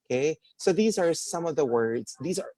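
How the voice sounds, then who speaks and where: A Filipino man from the Philippines gives a webinar lecture, blending English with Tagalog and checking in with "okay?" and "no?" He acts out stress and intonation examples aloud. His voice is fairly high, animated, and dark in tone, at a normal pace over slight background noise.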